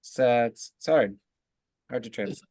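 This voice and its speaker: Man, rabbi leading text study, slow and halting, lots of ums, dry close sound. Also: medium pitch, a little mellow, dry recording. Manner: halting, many fillers and restarts. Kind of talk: casual teaching discussion.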